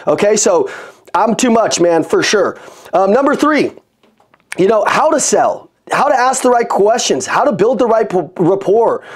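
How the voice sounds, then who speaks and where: Man, sales coach, high voice, energetic, rapid-fire, repetitive, motivational talk. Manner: energetic, rapid-fire, repeats phrases for emphasis. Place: room with an audience.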